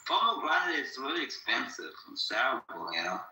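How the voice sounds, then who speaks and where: A man's voice: medium pitch, big pitch swings, a little fast, sharp tone. A man hosting a podcast in casual chat, rambling, swearing and emphatic. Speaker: podcast host. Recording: echoey room.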